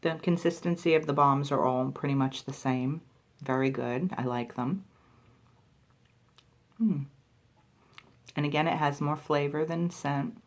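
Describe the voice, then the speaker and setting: Very low-voiced woman reviewing lip balm. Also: measured pace, long pauses. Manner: chatty, thinking aloud, self-deprecating. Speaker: beauty reviewer. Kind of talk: product review vlog.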